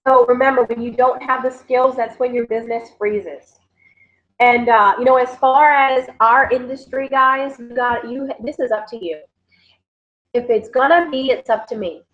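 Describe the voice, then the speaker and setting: In a motivational livestream recap, a network marketing team leader rallies her team with a quick, energetic and repetitive pep talk, constantly calling them "guys". Her voice is fairly high, and the audio sounds dull and lo-fi, like a home stream.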